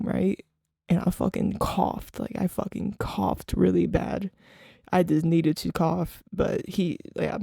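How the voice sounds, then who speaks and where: A man's voice: high voice, creaky, dark tone, dry recording, studio quality. A young man casually telling a rambling, profane story with lots of fillers.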